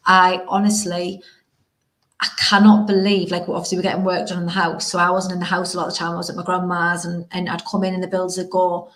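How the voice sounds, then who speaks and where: A young woman with a lowish voice talks openly and emotionally, wandering from thought to thought. Her voice sits in a roomy space with a clear echo around it. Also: steady tone, quick pace, fairly bright tone. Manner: emotional, rambling, frank. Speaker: podcast host. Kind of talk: casual conversation.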